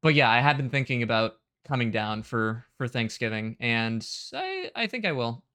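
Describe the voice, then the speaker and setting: A man's voice: mid-range voice, sing-song, moderate pace, bright, forceful tone, clean tone. A man co-hosting a podcast in casual chat, easygoing and laid-back. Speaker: podcast co-host.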